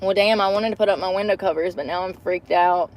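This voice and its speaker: A woman's voice: mid-range voice, fairly even intonation, quick pace. A woman vlogging to a phone camera from inside her parked car, chatty and profane, breaking into laughter often. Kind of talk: casual chat to camera.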